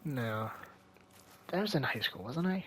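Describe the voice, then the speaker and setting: A young man narrates his gameplay in a loose, rambling way, thinking aloud and often sinking into a hushed tone. His voice is sharp and bright, with faint noise underneath. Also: medium pitch, animated, unhurried. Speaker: gaming video creator. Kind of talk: casual gameplay commentary.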